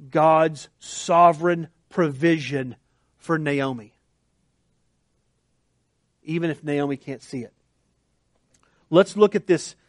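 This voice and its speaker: A male pastor preaching earnestly in a conversational tone, with frequent restarts. His voice sits high for a man. The recording is dry and close, with no room sound. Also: dry recording. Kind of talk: sermon.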